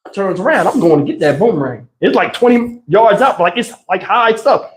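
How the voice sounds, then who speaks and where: Animated man telling a funny story. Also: high voice, brisk. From New Jersey. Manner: animated, slangy, acts out voices. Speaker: host. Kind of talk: casual storytelling livestream. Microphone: wireless lapel.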